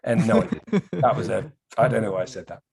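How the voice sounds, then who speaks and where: Man, podcast guest, lively storyteller who swears a lot. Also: lowish voice, fast talker, vocal fry. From England. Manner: animated storyteller, swears freely. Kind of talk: casual podcast chat.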